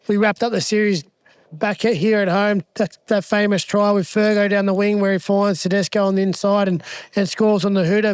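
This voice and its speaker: A man with a high, smooth voice recorded dry and close. He tells a relaxed story at a live pub show, stumbling over repeated words and chuckling at the funny parts. The delivery is easygoing and conversational. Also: dry recording. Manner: repeats words as he warms up, chuckles at his punchlines. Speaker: guest, former rugby league player.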